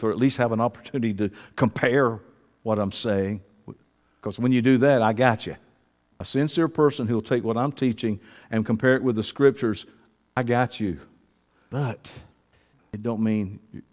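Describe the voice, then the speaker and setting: A man preaching a sermon, swinging from loud preaching to hushed confiding asides in a church sanctuary. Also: fairly low pitch. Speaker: pastor. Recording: long hall reverb.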